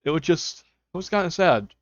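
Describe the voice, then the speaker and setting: A man's voice: on the high side, expressive, moderate pace, no room sound. Rambling young man chatting on stream. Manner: rambling, with many fillers and quoted self-talk. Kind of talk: casual chat to stream viewers. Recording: dull lo-fi mic, faint music.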